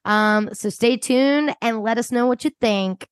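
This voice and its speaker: A woman's voice: a little high, measured pace, clean tone, no echo. A woman from the Philadelphia suburbs hosting a podcast, chatting casually and swearing now and then. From Delaware County, Pennsylvania. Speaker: podcast host.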